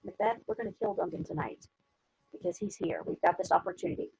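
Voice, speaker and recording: A woman's voice: fairly low pitch, expressive, quick pace, vocal fry, darkish tone, slightly rough, dry recording, full character voice. Woman voicing scheming Lady Macbeth. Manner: casual modern-speech retelling of quotes. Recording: dull lo-fi dry recording.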